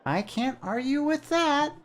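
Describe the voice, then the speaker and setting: A man voicing a tiny chirpy male winged sprite in a high, squeaky, slowly drawn-out voice. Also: animated. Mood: cheeky chirpy.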